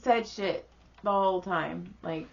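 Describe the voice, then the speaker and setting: A woman in her thirties co-hosts a casual podcast, joking bluntly and swearing freely in a low, slow, creaky voice. The chat comes through as dull, lo-fi podcast audio.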